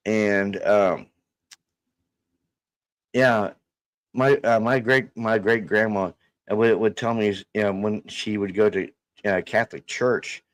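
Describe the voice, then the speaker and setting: A man's voice: lowish voice, steady tone. A middle-aged man, telling a family story in a rambling casual way, full of restarts and fillers. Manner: halting, many restarts and fillers, acts out quoted voices.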